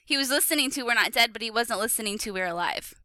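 A woman hosting a podcast, chatting casually and recapping an episode, upbeat and quick to laugh. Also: a little high, lively intonation, sharp tone, no room sound. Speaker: podcast host. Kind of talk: casual chat and story recap.

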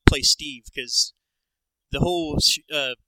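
A man's voice: on the high side, takes it slowly, background noise. A laid-back, joking man chatting on a podcast. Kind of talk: casual chat.

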